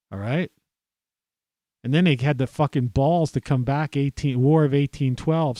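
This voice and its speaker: A man's voice: mid-range voice, mellow, no room sound. American male podcast host, angry rambling rant, heavy swearing, dry close sound. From United States. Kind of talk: profane ranting monologue.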